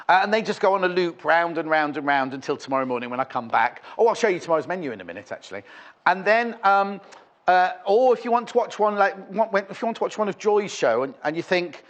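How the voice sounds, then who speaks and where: Lively chatty TV presenter man. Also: high-pitched, fast talker. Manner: chatty, rambling, playful asides. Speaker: shopping channel presenter. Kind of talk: live TV sales chat. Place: TV studio.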